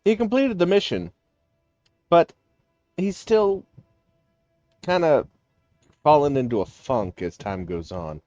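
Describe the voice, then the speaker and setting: A man narrating as game master in a tabletop game, explaining things haltingly with many fillers. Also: a little high, expressive, darkish tone, dry recording, muffled recording, soft background music.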